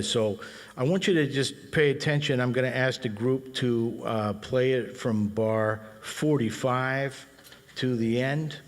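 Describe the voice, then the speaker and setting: A middle-aged man leading a band and explaining jazz phrasing in a relaxed, talky way, scatting rhythms aloud. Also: mid-range voice, long reverb tail. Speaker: bandleader and guitar teacher. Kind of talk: explaining music in a clinic.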